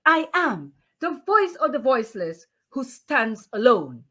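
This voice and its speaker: A woman poet chatting in an interview, then reciting her poem in a declamatory way with repeated refrains. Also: high voice. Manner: slow, lively, declamatory reading with repeated refrains. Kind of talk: casual interview and poetry recitation.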